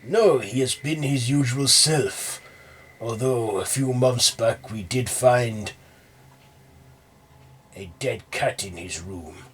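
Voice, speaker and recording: A man's voice: mid-range voice, slow, long pauses, breathy edge, voice pushed up. A man voicing a worried, agitated middle-aged father speaking with a raised voice.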